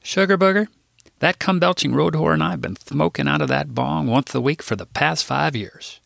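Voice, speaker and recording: Man doing a whiny petulant big man, high voice, crude insults, indignant. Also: moderate pace, vocal fry, a bit bright, no room sound. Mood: gushing.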